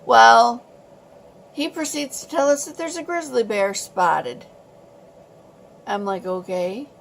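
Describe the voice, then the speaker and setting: A woman vlogger telling a story in a casual, animated and exasperated way. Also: a little high, slow, vocal fry, slight background noise.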